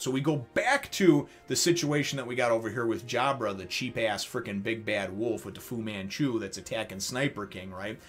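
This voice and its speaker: A man talks from his desk at home, recapping a manga chapter in a loose, animated way. He acts out the characters' lines, swears freely, and laughs as he goes. Faint music plays behind him. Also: mid-range voice. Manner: animated, swears casually, voices quoted characters, laughs often. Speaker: manga reaction vlogger. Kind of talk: excited casual recap to camera.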